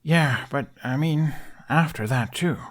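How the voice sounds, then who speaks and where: A nervous, earnest young prince stumbles over his words, as a male reader puts him on. His voice sits a little above the reader's own low tone, halting and flustered. It belongs to a story read aloud.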